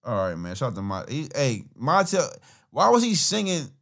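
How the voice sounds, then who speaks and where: A man's voice: medium pitch, wildly swooping pitch, moderate pace, creaky, fairly bright tone. A man hosting a podcast, giving casual, profane, rambling commentary on songs and laughing often. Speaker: podcast host reacting to music.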